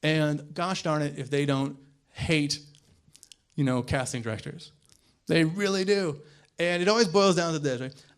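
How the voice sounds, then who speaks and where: Stand-up comic, young man, slightly high voice, quick delivery that jumps into loud acted-out characters. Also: smooth. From American South. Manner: quick, animated, acts out voices with sudden loud bursts. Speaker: stand-up comedian. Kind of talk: stand-up set. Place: comedy club stage.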